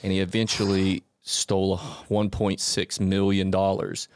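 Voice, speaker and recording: A man with a lowish, smooth and clear voice recounts a story in casual podcast chat. He acts out the quotes inside it. The sound is close and dry. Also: monotone, measured pace, a little mellow, no echo. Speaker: podcast co-host.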